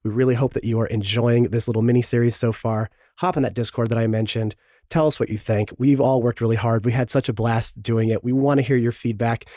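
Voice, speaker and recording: A man with a sore, hoarse throat, hosting and reading a podcast promo with joking, self-pitying asides. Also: medium pitch, fairly even intonation, a little fast, warm tone, dry recording, studio quality. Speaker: podcast host.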